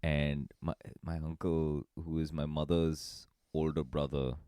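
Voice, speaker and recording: A man co-hosting a podcast in casual comedic chat, laughing often and swinging between low mutters and loud bursts. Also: flat delivery, measured pace, clean tone, dry recording, studio quality. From Indian family background. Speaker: podcast co-host.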